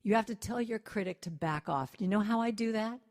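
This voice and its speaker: A woman giving an inspirational talk to a congregation, gentle and conversational, who breaks into lively acted-out quotes. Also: mid-range voice, fairly quick. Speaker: guest speaker and singer.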